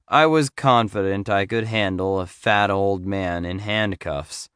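A man reads a first-person memoir aloud in a measured, storytelling manner. His voice is low and smooth and resonant, recorded close on a dry studio mic. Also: no room sound. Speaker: audiobook narrator.

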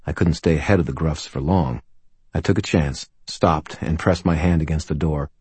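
A man narrating a first-person audiobook in a dry, wry storytelling manner with steady pacing. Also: a bass voice, breathy edge, no room sound.

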